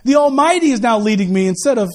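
A man's voice: extremely high pitch, animated, fast, a little mellow. A man giving a sermon as pastor, casual and joking, often repeating his first words as he restarts. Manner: casual, joking preaching with many stammered restarts.

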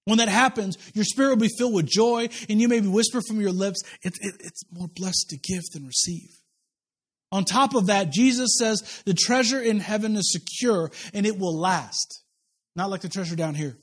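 A pastor from Kansas preaching a sermon to his church, mixing humorous personal stories with repeated rhetorical questions. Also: high-pitched. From Kansas, USA. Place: church service.

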